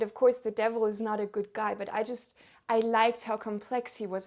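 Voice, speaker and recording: A woman's voice: on the high side, darkish tone. Chatty, enthusiastic woman book vlogger. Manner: enthusiastic, chatty, with frequent self-corrections. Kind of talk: casual book review chat.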